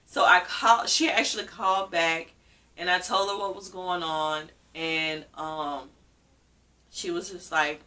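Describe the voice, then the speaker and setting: A woman's voice: lowish voice, fairly even intonation, a little slow, sharp tone, far from the mic. A woman vlogger telling a personal story in a casual, emotional way, often repeating herself. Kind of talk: casual story-time vlog.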